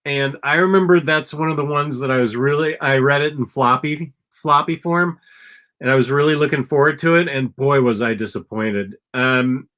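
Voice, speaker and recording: Blunt man with a bright, sharp voice. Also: mid-range voice, moderate pace. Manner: blunt and opinionated, with frequent ums. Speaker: podcast co-host. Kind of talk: casual comic book chat.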